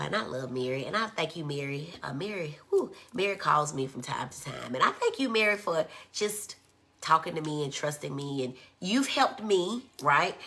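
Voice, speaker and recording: A woman's voice: sits low, pushed and bright. A woman psychiatrist, chatting casually on a live stream and reading viewer comments aloud. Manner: chatty, reads viewer comments aloud, says y'all often. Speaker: child and adolescent psychiatrist.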